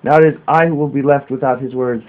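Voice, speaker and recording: A man's voice: mid-range voice, steady tone, fast, lightly acted. A man reading the part of a sorrowful, resigned older male disciple. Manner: sad, resigned. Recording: narrow phone-like sound.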